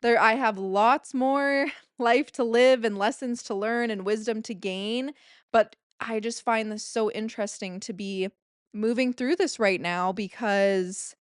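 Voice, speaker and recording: A woman's voice: a little high, fairly even intonation, unhurried, clear, resonant tone, no echo, clean studio sound. A woman in her late twenties hosting a solo podcast, talking in a rambling, confessional way, full of filler words and casual swearing. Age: late 20s. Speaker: podcast host.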